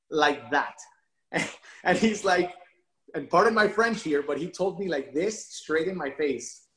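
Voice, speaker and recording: A man's voice: a little high, a little slow. Man, casual interview storytelling, emotional, restarts a lot, echoey room. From Miami area. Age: adult father of a young son. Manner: animated, emotional, repeats words when restarting. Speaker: interview guest.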